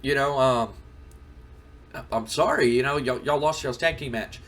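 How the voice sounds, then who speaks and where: A man's voice: medium pitch, moderate pace, a bit bright, natural voice. A man voicing a hesitant young male wrestling boss who stammers apologetically. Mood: placating.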